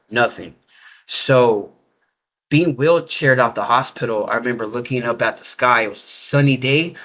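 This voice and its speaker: A man's voice: medium pitch, fairly bright tone. Rambling man telling a personal story. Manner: loose, rambling talk full of "like" and restarts; nonstandard everyday grammar. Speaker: interviewee telling a near-death experience.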